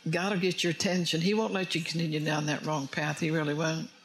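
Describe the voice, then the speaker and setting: A man's voice: on the high side, little pitch movement, brisk, low-quality recording. A man preaching a conversational sermon as pastor, joking and asking his congregation questions. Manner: chatty, jokes and asks the congregation questions. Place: church before a congregation.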